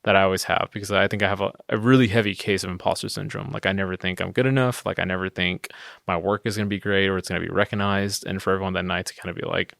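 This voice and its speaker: Gravelly young man telling stories. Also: steady tone, rapid-fire, a bit bright, no room sound, clean studio sound. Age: 20s. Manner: chatty, self-deprecating, bursts into high laughs. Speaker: guest videographer. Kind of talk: casual interview storytelling.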